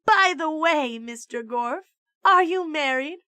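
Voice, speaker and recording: A woman's voice: sits high, expressive, slow pace, sharp tone, no echo, voice pushed up, heavily acted. A woman voicing a sweet, flirty woman teacher in a coy manner.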